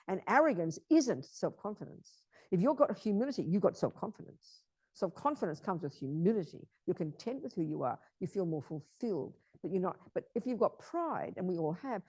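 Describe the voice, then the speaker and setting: A woman's voice: lowish voice, dark tone, dry recording. A woman teaching Buddhism in an emphatic way, repeating key phrases and often asking her listeners if they understand.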